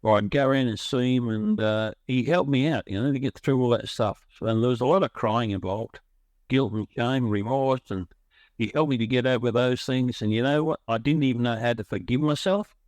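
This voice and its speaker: A man's voice: mid-range voice, fairly quick, a little mellow, no room sound. A middle-aged man telling his recovery story in a rambling, emotional way, often restarting his sentences. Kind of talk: personal storytelling.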